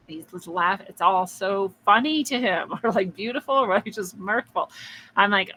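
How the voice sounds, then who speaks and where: A woman's medium-pitched voice, pushed and bright, comes at a moderate pace through a low-quality recording with a little hiss or hum. As a podcast host she muses chattily through a spiritual story, laughing often, restarting, and acting out quoted voices.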